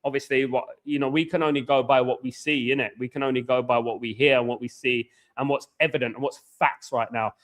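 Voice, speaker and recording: Excitable man hosting a live stream. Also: mid-range voice, a little fast, hardly any pauses. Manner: excitable, buzzing, repeats phrases, reads chat aloud. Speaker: watchalong host. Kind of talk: casual live-stream chat. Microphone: headphones with mic.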